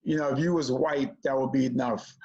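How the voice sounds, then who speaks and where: A man telling a childhood story in a conversation, animated as he acts out the voices of the people in it. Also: medium pitch, normal speed, vocal fry. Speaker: comedian guest. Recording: dull lo-fi audio.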